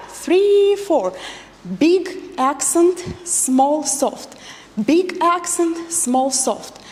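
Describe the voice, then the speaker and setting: High, lively woman teaching dance. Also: long reverb tail. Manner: counts beats and repeats cues rhythmically. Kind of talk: dance lesson instruction with counting.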